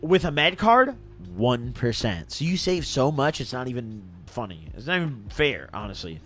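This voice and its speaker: This drunk young man speaks at normal speed with a mid-range voice, faint music in the background, while telling a story on a stream. It's a casual, slangy, animated retelling punctuated by his own laughter.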